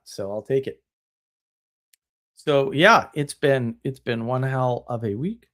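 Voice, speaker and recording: A man hosting a live stream, ranting in a casual, blunt and scornful way, with sarcastic laughs. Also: medium pitch. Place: home, drinking tea on stream.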